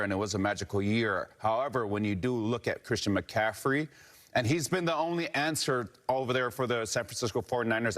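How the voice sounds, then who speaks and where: A man on a sports talk panel agrees with his colleague in a mid-range voice. His delivery is halting, with restarts as he builds his point. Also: mid-range voice, a bit bright.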